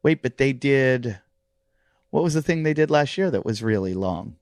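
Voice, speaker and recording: A man hosting a podcast at a gym, telling restless, animated stories in casual chat, with plenty of swearing. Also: medium pitch, moderate pace, dry recording, clean studio sound. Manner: animated, profane, restless storytelling. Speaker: podcast host. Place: CrossFit gym.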